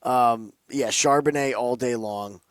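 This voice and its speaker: A man's voice: mid-range voice, measured pace, clean tone, dry recording. A man co-hosting a sports betting podcast, giving emphatic, opinionated picks with playful asides. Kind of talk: casual sports betting chat.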